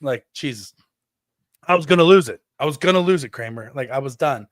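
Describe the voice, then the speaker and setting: A man in his thirties co-hosting a podcast, telling stories in an animated way, acting out quotes and swearing freely. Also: mid-range voice, brisk, dry recording, studio quality. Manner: animated storytelling, acts out quotes in exaggerated voices, swears freely. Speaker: podcast co-host. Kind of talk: casual chat.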